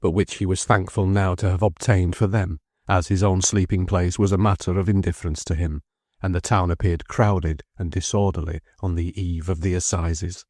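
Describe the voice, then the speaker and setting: Male audiobook narrator, low and dry, measured classic-novel reading. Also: fairly even intonation, darkish tone, dry recording. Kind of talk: scripted narration.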